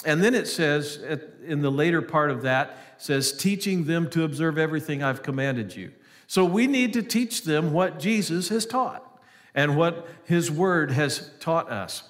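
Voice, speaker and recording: A man's voice: fairly high pitch, lively intonation, unhurried, fairly bright tone, in a large hall. A male pastor giving an earnest sermon, reading scripture aloud between hesitant, restarting remarks.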